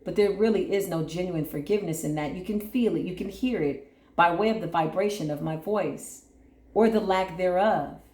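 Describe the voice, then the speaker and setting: Lady doing a tarot reading, kinda low voice, calm and repeating herself, echoey room. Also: normal speed. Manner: soothing, repetitive, often asks "right?". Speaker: tarot reader.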